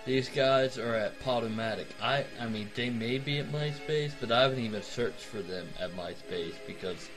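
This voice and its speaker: A man's voice: medium pitch, moderate pace, few pauses, over music. A man co-hosting a podcast in casual, joking banter, poking fun at himself. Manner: joking, self-deprecating banter. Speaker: podcast co-host. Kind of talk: casual chat.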